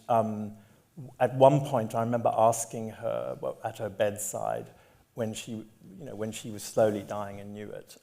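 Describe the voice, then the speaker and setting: A middle-aged man from Zimbabwe, an author talking onstage who stumbles and restarts a lot in conversation, then reads from his memoir in a measured way. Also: fairly low pitch, gravelly, mellow. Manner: hesitant with many restarts when talking, measured when reading aloud. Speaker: author and guest. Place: onstage at a public talk.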